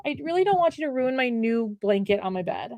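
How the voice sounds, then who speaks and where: An American woman co-hosts a casual livestream chat, rambling along and breaking off mid-sentence to talk to her pet. Her fairly high voice swings widely in pitch, moves a little fast, and has a darkish tone, captured dry on a condenser mic.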